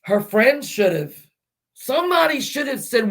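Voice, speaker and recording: High-voiced man rambling through true crime. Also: big pitch swings, a little slow, fairly bright tone. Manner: rambling and hesitant, many restarts and fillers; speculates aloud, addressing viewers directly. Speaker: true-crime channel host. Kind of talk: casual true-crime storytelling.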